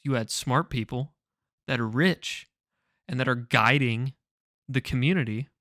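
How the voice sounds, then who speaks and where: A man's voice: medium pitch, unhurried, a bit bright, no echo, clean studio sound. A young man co-hosting a podcast in casual chat, joking and jumping between wild ideas. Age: young adult. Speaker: podcast co-host.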